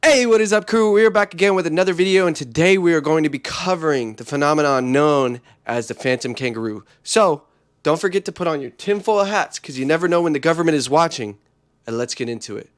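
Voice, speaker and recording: A man hosting a comedic vlog in an energetic, joking, slangy way. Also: fairly high pitch, fast talker. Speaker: host.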